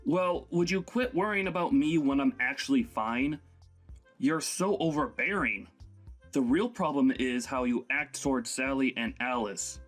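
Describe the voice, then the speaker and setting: A man's voice: mid-range voice, measured pace, a bit bright, faint music behind. A man voicing a grown son who scolds his overbearing mother in an exasperated way. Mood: scolding.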